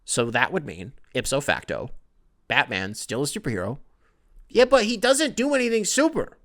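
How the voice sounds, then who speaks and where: A young man talks through his own podcast alone, wandering from topic to topic in a casual, profane ramble. His voice is bright and forward, sitting at an ordinary male pitch, and he drifts into self-deprecating asides. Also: very animated, normal speed. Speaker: podcast host. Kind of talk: solo casual podcast rant.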